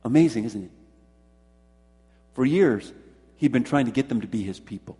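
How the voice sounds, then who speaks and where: A man preaches in a husky, mellow voice, pitched a little above the usual. He stresses his points by repeating words and asks the congregation questions directly. The sound rings out with a long hall reverb. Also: animated, normal speed. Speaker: pastor. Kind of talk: sermon.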